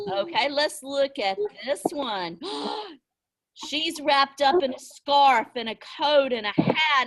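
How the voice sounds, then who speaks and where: Slow, high-voiced woman teaching small children. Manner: slow, sing-song and encouraging, with gasps of delight. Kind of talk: online class lesson for young children. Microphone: video call.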